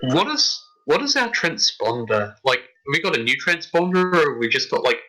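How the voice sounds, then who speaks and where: A man's voice: a little high, sing-song, normal speed, bright, forceful tone, low-quality recording. A man playing a tabletop game, chatting casually with eager questions. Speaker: player.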